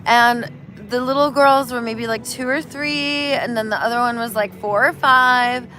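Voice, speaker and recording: A woman, a spiritual healer, talking casually and telling animated stories, acting out voices as she goes. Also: on the high side, measured pace, rough recording. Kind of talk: casual street conversation.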